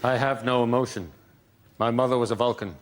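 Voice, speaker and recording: A man, a panel show comedian, delivering spoof forecasts in a dry deadpan. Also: medium pitch, a little fast. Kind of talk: mock weather report gags. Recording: noisy studio.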